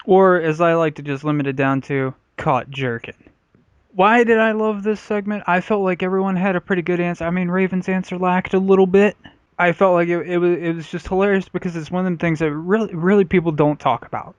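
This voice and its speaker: Brief: male podcast host, fairly high voice, crude and rambling, dry dull lo-fi mic. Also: steady tone, a little fast, smooth, no echo. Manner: crude, rambling, swears freely. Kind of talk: casual comedy podcast chat.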